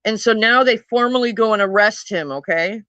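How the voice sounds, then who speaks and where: A woman's voice: on the high side, moderate pace, a bit bright, dry recording, lo-fi sound. A woman telling a true crime story in a casual, chatty way, swearing freely and talking to her viewers.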